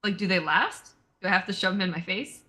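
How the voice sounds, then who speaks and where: A woman's voice: medium pitch, fairly quick, sharp tone. A woman playing a tabletop game, chatty and giggly as she describes her character. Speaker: player. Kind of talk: casual tabletop play.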